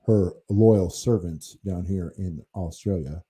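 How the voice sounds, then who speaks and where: A man's voice: sits low, slow, warm tone. An American man hosting a livestream, talking in an indignant, rambling way, full of fillers and restarts. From United States. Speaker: livestream host.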